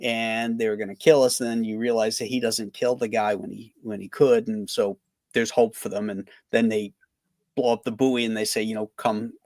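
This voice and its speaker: A man hosting a casual podcast chat, rambling and halting with many fillers. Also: fairly low pitch, flat delivery, darkish tone, dry recording, clean studio sound.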